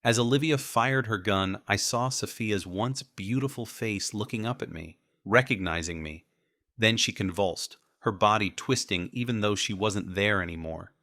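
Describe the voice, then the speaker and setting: Deep, bright-toned male audiobook narrator. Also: moderate pace, no echo, clean studio sound. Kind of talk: scripted first-person narration.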